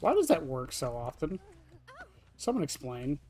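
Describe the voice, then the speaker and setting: A man's voice: fairly high pitch, huge pitch swings, a little slow, darkish tone. A young man streaming a game, rambling casually to his chat with lots of fillers and laughs. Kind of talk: casual gameplay commentary to chat.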